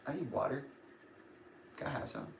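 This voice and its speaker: A man's voice: medium pitch, very animated, moderate pace, vocal fry, background noise. A young man hosting a casual livestream, rambling and grumpy, laughing often. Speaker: livestream host. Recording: echoey room.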